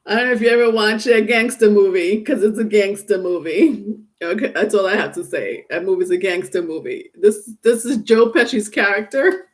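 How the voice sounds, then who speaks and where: A woman's voice: mid-range voice, normal speed. A woman giving a casual live tarot reading, talking chattily and teasing her viewers, breaking into laughter often. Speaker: tarot reader.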